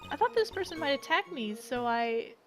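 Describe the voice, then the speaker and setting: A woman's voice: sits high, big pitch swings, normal speed. A woman reading a flustered young witness. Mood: nervous. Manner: flustered, stammering. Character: young female spirit-medium witness, flustered. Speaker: game reader. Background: game music.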